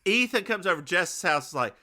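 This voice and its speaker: Rambling, bright-voiced male podcast co-host. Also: high voice, animated, fast talker, no room sound, studio quality. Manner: rambling, many restarts, joking. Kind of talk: casual recap chat.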